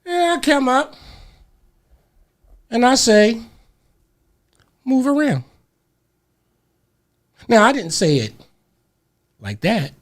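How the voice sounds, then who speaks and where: A man hosting a radio talk show, telling a story in an animated, slangy, emphatic way and repeating words as he gets heated. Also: extremely high pitch, slow, pauses often.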